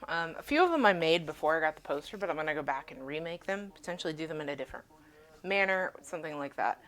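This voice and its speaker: Low-voiced woman chatting while she cooks. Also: animated, fast talker, background noise. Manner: rambling, swears casually, laughs often. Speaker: cooking streamer. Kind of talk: casual live-stream chat while cooking. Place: home kitchen.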